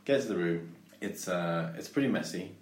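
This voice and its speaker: A man's voice: low voice, animated, normal speed, darkish tone, roomy sound. A man casually chatting and telling a rambling anecdote, full of restarts and fillers.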